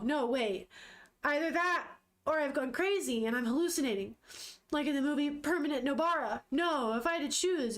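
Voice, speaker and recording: A woman reading a manga aloud, voicing a startled young man who stammers in bewilderment. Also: high voice.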